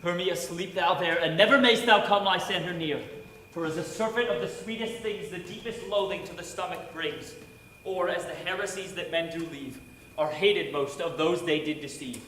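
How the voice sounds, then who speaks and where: A young man as an ardent, high-voiced young lover. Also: normal speed, sharp tone. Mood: resolute. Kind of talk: stage acting of verse. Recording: echoey hall from far off, with noise.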